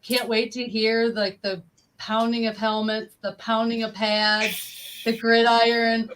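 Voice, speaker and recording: Brief: female podcast co-host, raised pitch, bright eager chat. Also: little pitch movement, slow pace, a little hiss or hum. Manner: enthusiastic, chatty. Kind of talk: casual sports podcast chat.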